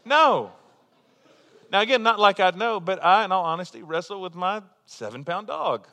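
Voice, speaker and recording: Conversational pastor in an echoing hall. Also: male voice, high voice, expressive, a little fast, sharp tone. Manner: conversational, joking, full of rhetorical questions. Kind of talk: sermon.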